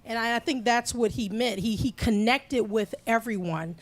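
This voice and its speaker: A woman's voice: on the high side, normal speed. A middle-aged woman, a guest in an interview, talking about her father and acting out his lines. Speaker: interview guest, daughter of the film's subject. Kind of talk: casual interview chat.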